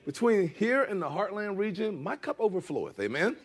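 A man's voice: high-pitched, sing-song, fairly quick, breathy edge. A middle-aged man preaching a conversational sermon as pastor, often asking the congregation "amen?" and dropping casual asides.

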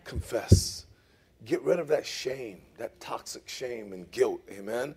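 A middle-aged man preaching a sermon, emphatic, swinging between loud emphasis and soft asides, often checking in with "okay?" and "amen?". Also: medium pitch, expressive, slow pace, breathy edge. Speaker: pastor.

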